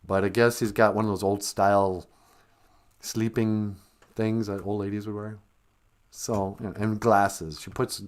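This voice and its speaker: A man hosting a live stream, retelling a children's story in a wry, sarcastic comedic way. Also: low-pitched.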